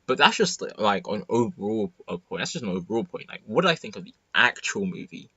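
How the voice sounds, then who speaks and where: A teenage boy giving an excited, rambling movie review full of fillers and restarts. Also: lowish voice, brisk, slightly rough, dry recording, dull audio. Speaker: student vlogger. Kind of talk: casual movie review monologue.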